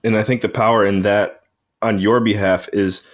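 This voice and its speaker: A man with a fairly low voice hosting a podcast interview. He asks questions in a relaxed, conversational way. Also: moderate pace. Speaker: podcast host. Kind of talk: casual interview talk.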